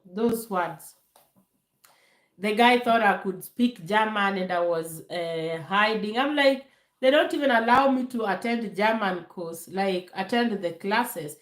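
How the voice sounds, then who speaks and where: A woman vlogger answers viewer questions in a live Q&A, telling stories slowly and in a chatty, animated way, using many fillers and acting out voices when she quotes people. Her voice is medium-pitched, and the room is echoey.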